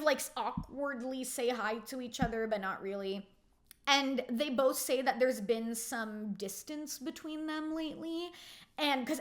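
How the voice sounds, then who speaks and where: A woman's voice: fairly high pitch, a bit bright. A young woman giving a casual, opinionated reality TV recap, chatty and gossipy, filling her talk with "like". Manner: chatty, gossipy, heavy use of "like".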